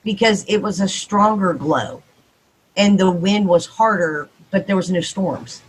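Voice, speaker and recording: A Texan woman tells a ghost story as a podcast guest, talking fast and playing out each exchange. Her voice is husky, with a middle pitch. The story moves along at an easy, casual clip. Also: rough recording. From Texas. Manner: animated, quick, acts out dialogue.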